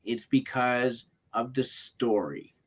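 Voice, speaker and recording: A man's voice: mid-range voice, slow pace, breathy edge. A man co-hosting a casual chat show, mostly agreeing and chiming in with short remarks before explaining his view. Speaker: co-host.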